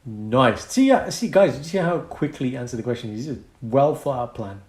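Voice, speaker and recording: A young British man co-hosting a casual podcast, a doctor who talks with lively energy, laughs often and acts out quotes. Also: mid-range voice, brisk, a crowd in the background. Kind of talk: casual chat. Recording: echoey room.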